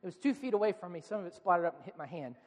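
A male pastor in his thirties preaching a sermon in a relaxed, conversational storytelling manner, acting out quoted lines. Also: high voice, very fast, in a large hall, slight background noise.

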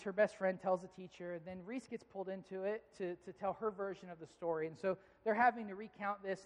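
A man in his thirties preaching a sermon, telling family stories in a relaxed, conversational way. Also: high-pitched. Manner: conversational, storytelling, animated when amused. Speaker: pastor. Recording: long reverb of a large hall.

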